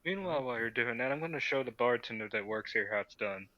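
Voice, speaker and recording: A man's voice: medium pitch, expressive, quick pace, sharp tone, no echo, muffled recording. A man playing a tabletop game, bantering brashly and joking in character.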